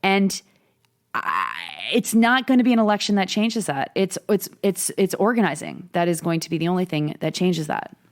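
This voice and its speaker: A woman co-host with a slightly low voice talks about politics in a casual, heated way. She sounds indignant and impassioned, often restarting her sentences. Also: moderate pace. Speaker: podcast co-host.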